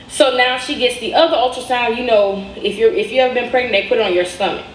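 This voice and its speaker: A woman's voice: fairly high pitch, quick pace, few pauses, distant mic, slight background noise. A young woman, telling a personal storytime and acting out the people in it. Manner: conversational, retells dialogue. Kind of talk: storytime narration. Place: played clip inside a reaction video. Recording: echoey clip heard from afar.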